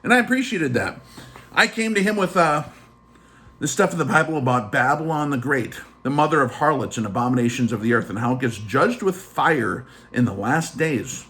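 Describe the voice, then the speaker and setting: Animated, chatty man telling a story. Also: medium pitch, normal speed. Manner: animated, chatty, full of fillers like "like" and "deal". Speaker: channel host. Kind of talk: casual storytelling vlog.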